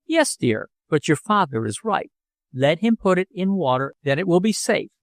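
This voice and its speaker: A man voicing a gentle middle-aged mother in an audiobook. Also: a little high, very animated, normal speed, no echo, studio quality, pitched above the performer's own voice.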